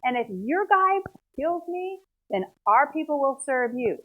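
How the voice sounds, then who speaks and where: A woman's voice: high voice, big pitch swings, unhurried, pitched above the performer's own voice. A woman voicing a boastful giant warrior who taunts and challenges his enemies, in a Bible story. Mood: taunting. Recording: tinny phone-like sound.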